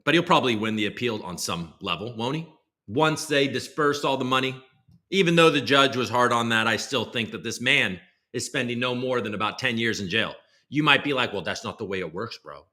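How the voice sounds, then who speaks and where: A young man hosting a casual livestream, rambling and sarcastic, jumping from loud bursts to low muttered asides. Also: fairly quick. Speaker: host.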